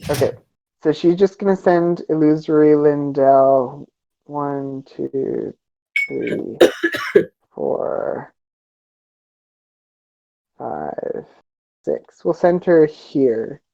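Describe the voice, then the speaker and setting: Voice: medium pitch, drawn-out words, creaky, pauses often, warm tone, highs cut off. A player in a tabletop game, hesitant and thinking aloud with many ums. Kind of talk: casual tabletop play.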